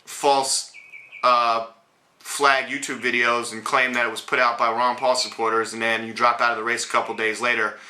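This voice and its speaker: A man's voice: mid-range voice, flat delivery, normal speed, pushed and bright. Male host for a ranting political vlog, blunt and sarcastic, recorded in a roomy, echoey space. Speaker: host of a political commentary show.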